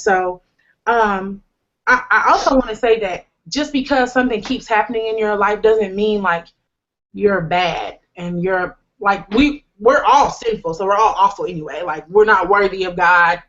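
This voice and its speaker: A woman's voice: medium pitch, normal speed, a bit bright. Candid woman sharing her testimony, lo-fi. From United States. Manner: earnest, candid, with bursts of humor and slang. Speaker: host sharing a personal testimony. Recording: slightly dull, lo-fi recording.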